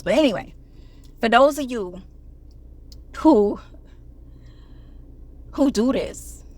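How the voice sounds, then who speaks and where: Preachy woman talking straight to viewers. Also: medium pitch. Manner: preachy and conversational, addresses viewers as y'all, quotes scripture, laughs often. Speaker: online commentator. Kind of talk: casual motivational talk to camera.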